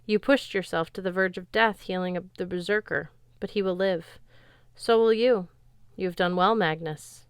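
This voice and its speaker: A woman voicing a calm, gentle male god speaking formally to his son. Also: on the low side, clean tone, dry recording, clean studio sound, close to an everyday voice. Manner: solemn, measured, formal.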